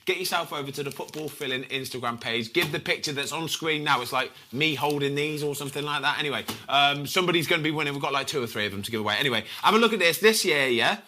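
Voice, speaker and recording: A man hosting a casual football chat show, excitable and chatty with plenty of slang. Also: on the high side, fast talker, hardly any pauses, a little hiss or hum. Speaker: host.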